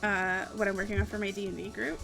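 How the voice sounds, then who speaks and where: A woman's voice: mid-range voice, little pitch movement, quick pace, vocal fry, over music. A young adult woman streaming live, chatting casually with viewers in a giggly, rambling way and swearing freely. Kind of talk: casual chat while answering viewer questions.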